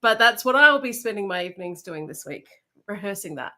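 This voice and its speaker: Bright-voiced woman, self-deprecating. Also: mid-range voice, expressive, brisk. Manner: self-deprecating, with light laughter. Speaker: podcast co-host. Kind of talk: casual podcast chat.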